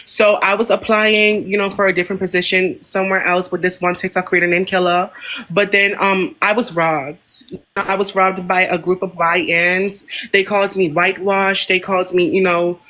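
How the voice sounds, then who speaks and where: A caller with a DC-area American accent plays a job applicant, deferential and full of fillers. The voice stays flat in pitch and has a bright tone. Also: normal speed. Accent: American, Washington DC area. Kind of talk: role-play job interview.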